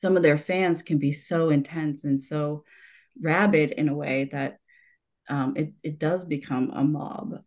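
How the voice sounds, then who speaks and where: A woman's voice: sits low, fairly even intonation, a little slow, darkish tone. A woman in her forties in casual conversation, talking in long rambling stretches with restarts and laughter. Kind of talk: conversational podcast talk.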